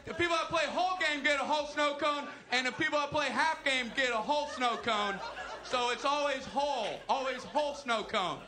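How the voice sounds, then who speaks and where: A man voicing a goofy, excitable young boy Little Leaguer who babbles happily. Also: very high-pitched, moderate pace, voice pushed up. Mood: giddy. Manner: giddy, babbling, giggly. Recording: live show with loud audience and noise.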